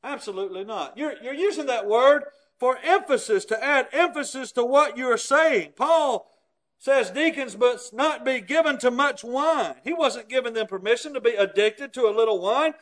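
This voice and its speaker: High-voiced man preaching a sermon. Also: lively intonation, moderate pace, fairly bright tone. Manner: emphatic, explains scripture with everyday examples.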